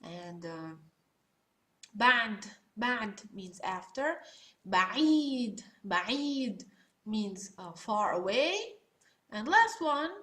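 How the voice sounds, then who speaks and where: A woman's voice: mid-range voice, big pitch swings, slow, a bit bright. A woman teaching Arabic pronunciation in an online lesson, patiently demonstrating sounds and laughing at herself now and then. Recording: echoey room.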